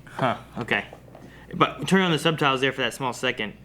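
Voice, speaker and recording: A man's voice: medium pitch, a little fast, bright, forceful tone, slight background noise. A man co-hosting a reaction video, talking casually and rambling as he thinks aloud.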